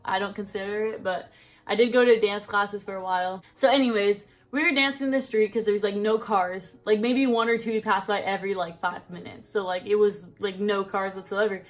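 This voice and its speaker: A young adult woman telling personal stories in casual vlog chat, rambling, full of "like" and quick laughs. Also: mid-range voice, fairly even intonation. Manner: rambling, fills speech with "like", laughs often. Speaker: vlogger.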